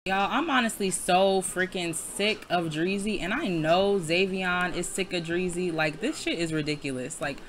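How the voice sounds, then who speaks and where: A woman's voice: fairly low pitch, moderate pace, few pauses, slight background noise. A young adult woman giving casual, laughing gameplay commentary, chatting to viewers with lots of slang and cursing. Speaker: Let's Play creator.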